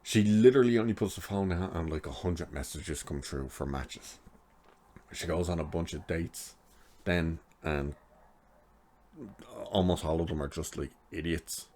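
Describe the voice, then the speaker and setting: A man's voice: low-pitched, a little slow, a little mellow. A man casually recapping a TV episode in a rambling way, with lots of filler "like"s. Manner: rambling retelling, many filler "like"s. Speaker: TV episode reviewer.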